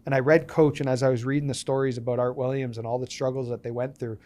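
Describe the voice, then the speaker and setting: Guy in his 30s on a podcast, normal pitch, tells stories and does the back-and-forth dialogue. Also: quick pace. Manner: animated storyteller, acts out quoted dialogue. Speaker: podcast guest, business owner. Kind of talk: casual storytelling interview.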